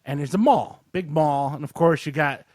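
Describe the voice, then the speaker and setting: In this relaxed movie review chat, a man co-hosting a podcast animatedly recounts a film's plot and imitates the characters with over-the-top voices. His voice runs somewhat high at a moderate pace, captured dry in studio quality.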